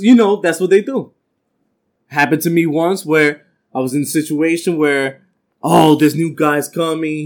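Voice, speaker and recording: A man teaching an informal bible class, telling stories from his working life and acting out the voices of the people in them. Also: on the high side. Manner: animated, acts out quoted voices, streetwise New York slang.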